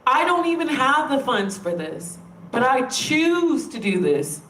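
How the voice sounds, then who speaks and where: A woman vlogger vents to her audience, emphatic and exasperated, cursing without holding back. Her voice sits a little high and carries the roomy echo of a space with the mic set some way off. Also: sing-song, unhurried, fairly bright tone, a little hiss or hum. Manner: frustrated, emphatic, swears freely. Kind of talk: direct-to-camera rant. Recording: roomy sound, distant from the mic.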